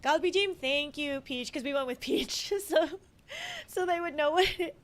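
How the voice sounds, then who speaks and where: Giggly American woman streamer, bit high. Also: moderate pace. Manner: giggly, laughs often, chatty and animated. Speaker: game streamer. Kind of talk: casual chat while gaming.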